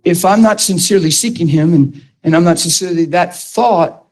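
A man preaching in a high-pitched, husky voice. He tells his story excitedly and emphatically, often restarting his words mid-sentence. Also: fairly quick, low-quality recording. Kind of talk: sermon.

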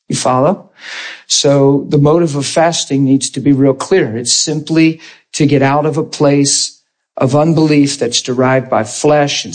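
Preacher, male, husky tone, easygoing informal sermon delivery, keeps asking if listeners follow. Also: medium pitch. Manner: informal and plain-spoken, checking in with listeners. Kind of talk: conversational sermon.

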